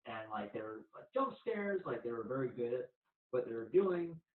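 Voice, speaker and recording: A man's voice: mid-range voice, very animated, normal speed, recorded from a distance. Young man, echoey, tinny podcast host. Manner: easygoing, laughing storyteller. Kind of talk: casual chat. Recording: tinny phone-like sound in an echoey room.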